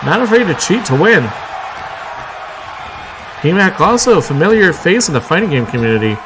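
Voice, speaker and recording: A man doing live play-by-play commentary on a wrestling show, excitable, with frequent exclamations and wry asides. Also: sits high, normal speed. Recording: clear crowd noise and background noise.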